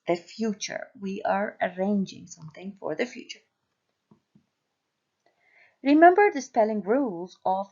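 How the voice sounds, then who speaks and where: Woman teacher going over english grammar, slow and spelling stuff out, kinda muffled lo-fi audio. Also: medium pitch, vocal fry, a little mellow. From Syria. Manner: slow, spells out letters and repeats patterns. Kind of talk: recorded grammar lesson.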